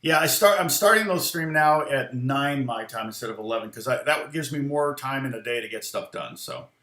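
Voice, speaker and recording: A man's voice: medium pitch, a little fast, pushed and bright. A middle-aged man, a guitar teacher on a live stream, telling a story casually and rambling with many fillers and restarts. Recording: roomy echo.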